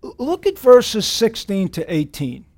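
A man preaching a sermon with animated swings in pitch and volume, reading scripture aloud with emphasis. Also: measured pace. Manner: animated preaching with sudden pitch leaps and drops. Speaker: pastor.

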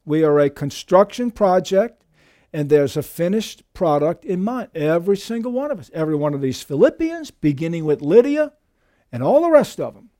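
A man preaching a sermon as pastor, emphatic and lively, often calling his listeners dear friends. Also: moderate pace. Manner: emphatic preaching with lively shifts in pitch and volume.

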